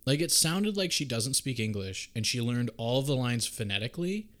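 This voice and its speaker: A man's voice: mid-range voice, moderate pace. Profane man recapping a movie. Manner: profane, animated storytelling, acts out characters' lines. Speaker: podcast co-host. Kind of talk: casual movie recap chat.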